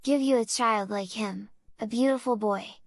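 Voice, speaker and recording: A woman's voice: a little high, moderate pace, no room sound, lightly acted. A woman reading aloud and voicing a coarse, greedy village man who speaks bluntly and ungrammatically. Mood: wheedling. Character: coarse greedy rural foster father, man.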